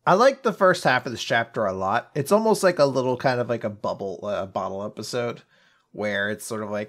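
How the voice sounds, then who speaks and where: A man's voice: mid-range voice, expressive, brisk, fairly bright tone. A man co-hosting a casual podcast about manga, rambling, swearing freely and trailing off mid-thought. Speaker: podcast co-host.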